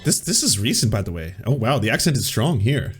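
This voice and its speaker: A man's voice: on the low side, big pitch swings, brisk, music in the background. A man hosting a political comedy stream, reacting to clips with dry, stammering sarcasm.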